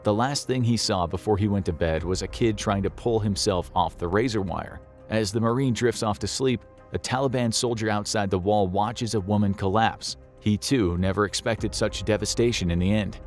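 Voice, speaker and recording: A man's voice: fairly low pitch, moderate pace, few pauses, faint music behind. A man narrating a scripted documentary in a grave, dramatic storytelling manner.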